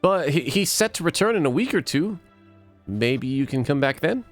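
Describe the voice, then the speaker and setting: A man reading a bird office clerk who stumbles apologetically. His pitch wanders widely through the lines. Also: very animated, normal speed, soft background music. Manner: apologetic, hesitant.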